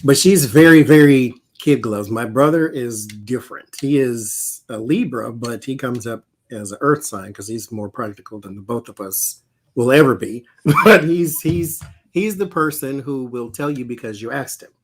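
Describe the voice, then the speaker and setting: Guy telling jokey stories, laughs a lot, animated, faint noise behind. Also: medium pitch, moderate pace. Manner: animated, joking, frequent laughter. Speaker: tarot reader, guest. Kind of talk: casual chat.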